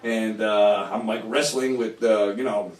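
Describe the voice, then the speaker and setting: A middle-aged man telling a long first-person story at a live storytelling night, rambling and profane, jumping from loud, animated bursts to low mumbles. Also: measured pace, far from the mic. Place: small bar venue with live audience. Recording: echoey room, voice picked up from afar.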